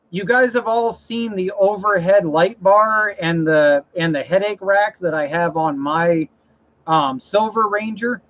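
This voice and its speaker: A man hosting a casual livestream, rambling about trucks and mowers and reading out viewer comments. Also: sits high. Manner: rambling, reads viewer comments, self-correcting. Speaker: livestream host. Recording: dull lo-fi stream audio.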